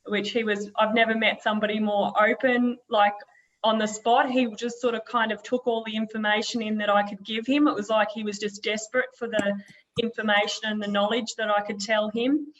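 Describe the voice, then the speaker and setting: A woman's voice: mid-range voice, flat delivery, fairly quick. A woman guest telling of her healing work, hesitant and full of fillers, on a dull phone-call line. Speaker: guest healer. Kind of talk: casual storytelling.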